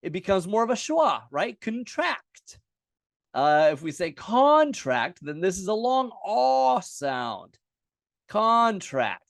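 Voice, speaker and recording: A man's voice: high-pitched, very animated, a little slow, vocal fry, hardly any pauses, no room sound, studio quality. A man teaching an unscripted lesson, explaining step by step at a chart, casual with many fillers and self-corrections.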